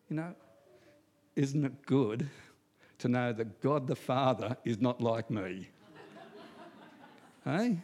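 A man's voice: mid-range voice, animated, extremely slow, long pauses, a little mellow. A man, preaching a sermon as a pastor and telling stories with humor while repeating key phrases.

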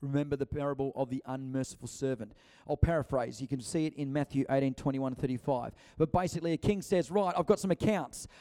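A man's voice: mid-range voice, fairly even intonation, fast talker, hardly any pauses, warm tone. A man preaching a conversational sermon, acting out quotes and often restarting his sentences. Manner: chatty, acts out quotes, many restarts.

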